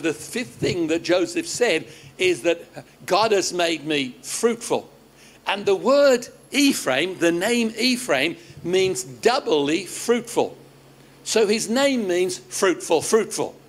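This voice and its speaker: A man with an Australian accent preaching to his congregation, stammering into restarts, cracking jokes and quizzing the audience. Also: sits high. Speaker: pastor. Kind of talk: lively sermon to a congregation. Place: church service.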